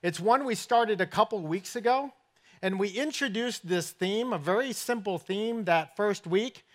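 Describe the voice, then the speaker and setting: Folksy high-voiced male pastor preaching. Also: unhurried. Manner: folksy, self-deprecating storytelling. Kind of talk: sermon. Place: church sanctuary.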